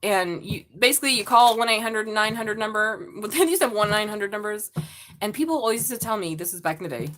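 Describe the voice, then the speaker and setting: A woman's voice: medium pitch, animated, fast, a bit bright. A middle-aged woman giving a live-stream tarot reading, blunt and profane, joking and laughing often. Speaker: tarot reader.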